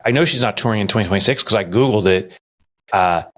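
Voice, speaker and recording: A man co-hosting a podcast, telling stories in casual chat and mimicking others in a high voice. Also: fast, a bit bright. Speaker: podcast co-host.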